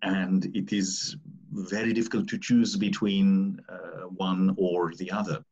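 A man hosting a conversation, speaking in a measured, deliberate way. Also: sits low, flat delivery, a little mellow, slightly rough, muffled recording. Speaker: host.

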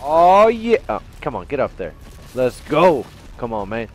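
A young man doing live gameplay commentary, excitable, laughing and yelping, swinging between loud outbursts and mumbles. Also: medium pitch, normal speed, soft background music. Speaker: gaming commentator.

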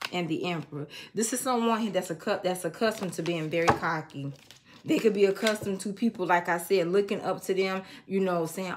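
A woman giving an emotional tarot reading to her viewers. She speaks in a preachy way and breaks into snatches of songs. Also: on the low side. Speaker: tarot reader.

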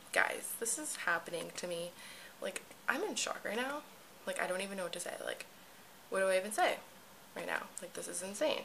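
A teenage girl vlogging casually at home, excitable and gushing, with lots of fillers, recorded on a camera mic. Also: medium pitch, a little fast, gravelly, a little hiss or hum, rough recording. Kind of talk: casual vlog chat. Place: at home indoors.

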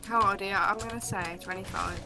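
A woman's voice: mid-range voice, steady tone, brisk, creaky, bright, forceful tone, soft background music. Skeptical woman on game voice chat. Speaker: random online teammate.

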